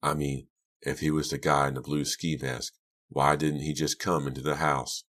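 A man's voice: extremely low pitch, level tone, normal speed, fairly bright tone. A man voicing a thoughtful teenage boy who reasons things out and soothes others, in an audiobook.

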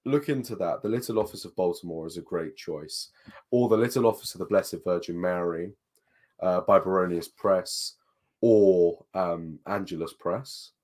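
A man's voice: low-pitched, normal speed, a little mellow. A man in casual conversation, reading passages aloud from books and giving emphatic advice. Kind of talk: casual chat.

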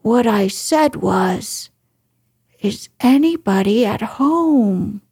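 A woman voicing a cheerful, simple male teddy bear in a gentle, unhurried way. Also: fairly high pitch, lively intonation, slightly rough, exaggerated voice.

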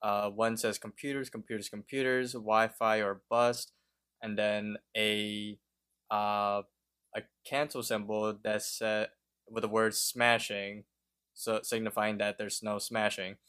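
Man, podcast co-host, unhurried, slightly low smooth voice, hesitant, thinking aloud. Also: little pitch movement, a bit bright. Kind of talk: casual podcast chat.

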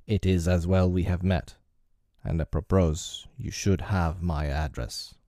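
A man reading aloud, voicing a sinister, defiant stranger who speaks coolly in a husky, low voice. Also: steady tone, unhurried, mellow, dry recording, studio quality. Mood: guarded.

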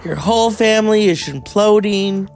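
A man's voice: sits high, moderate pace, a little mellow, soft background music. A man doing a foul-mouthed dead actress. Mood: mocking. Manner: crude and blunt.

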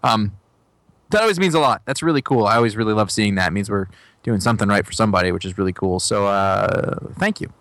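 A man's voice: fairly low pitch, fast, fairly bright tone, no echo. A man co-hosting a podcast, chatting casually with jokey asides. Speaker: podcast co-host. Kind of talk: casual chat.

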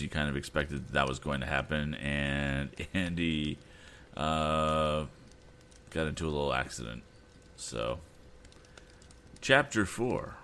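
A man hosting a storytelling show, reading a classic novel aloud in a relaxed way with chatty asides. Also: extremely low pitch, a little hiss or hum. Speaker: storytelling host.

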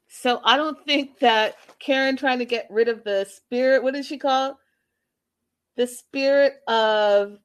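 A woman's voice: medium pitch, a bit bright. A woman chatting casually to her viewers as she recaps a show, often turning to them directly. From Canada.

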